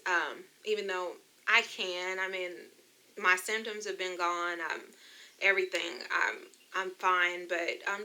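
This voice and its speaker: Chatty and emotional, a young American woman vlogs her personal testimony directly to the people watching, whom she calls "you guys." She speaks in a mid-range voice with a sharp tone.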